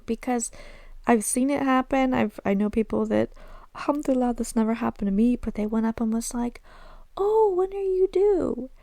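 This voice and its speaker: Her voice is on the high side, warm and creaky, steady and brisk, with no room sound. A Southern American host of her own solo podcast, she tells stories candidly and self-deprecatingly, mixing in Arabic phrases.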